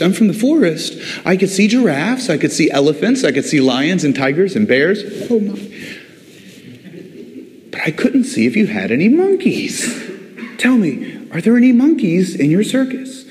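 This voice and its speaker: A man's voice: high voice, big pitch swings, moderate pace, a little mellow, voice pushed up. A man voicing a small, polite male monkey full of wonder as he tells a story in a sermon. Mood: eager wonder. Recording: long echo of a large hall.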